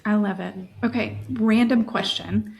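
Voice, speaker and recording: A woman's voice: medium pitch, steady tone, measured pace, creaky. A woman hosting a podcast interview, affirming her guest with many short agreements. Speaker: podcast host.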